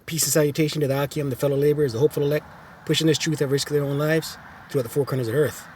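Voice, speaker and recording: Racing through his lesson, a man teaching at a religious camp preaches scripture emphatically and repetitively, often interjecting "right?" between phrases. His fairly high voice is steady and a little mellow, with slight hiss or hum.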